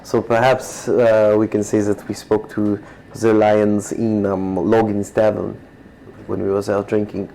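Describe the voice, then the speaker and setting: A man's voice: fairly low pitch, little pitch movement, unhurried, gravelly, mellow, a little hiss or hum, rough recording. A man playing a tabletop game, talking in a casual, bantering way. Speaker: player.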